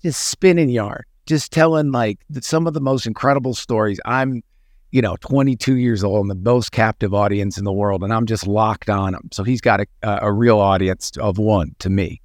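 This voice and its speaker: A man co-hosting a casual chat, telling anecdotes in an animated storytelling manner. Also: on the low side, moderate pace, no echo, studio quality. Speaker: podcast co-host.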